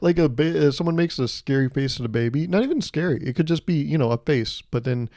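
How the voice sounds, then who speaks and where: Man, comedy podcast host, rambling monologue, sarcastic, swears, mellow dark voice, dry close sound. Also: fairly high pitch, animated, fast, dry recording.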